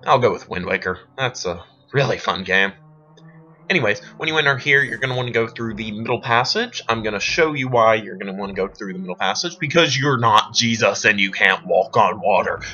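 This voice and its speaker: A man's voice: medium pitch, bright, forceful tone. A man giving a casual game walkthrough, joking and wandering off into tangents as he plays. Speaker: let's play commentator. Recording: dull lo-fi home recording with faint game music. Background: faint game music.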